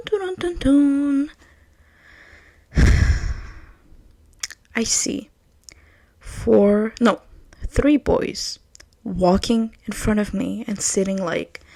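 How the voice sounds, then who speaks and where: A young woman, hosting her own podcast and telling a story in casual chat, swinging from loud outbursts to hushed asides. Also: fairly high pitch, vocal fry. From Quebec, Canada. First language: French. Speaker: podcast host.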